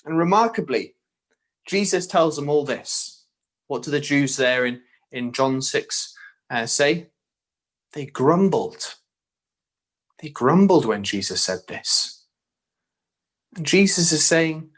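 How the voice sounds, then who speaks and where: A man's voice: fairly high pitch, lively intonation, takes it slowly, pauses often, a bit bright. A man preaching a sermon, earnest and direct, often posing rhetorical questions to his listeners.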